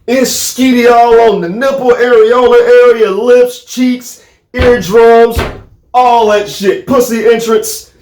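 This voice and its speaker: Co-host, man with a high voice, cuts in with crude jabs, echoey room. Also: fairly even intonation, takes it slowly, darkish tone, faint music behind. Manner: heckling, profane interjections. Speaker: podcast co-host. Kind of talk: crude comedic podcast banter.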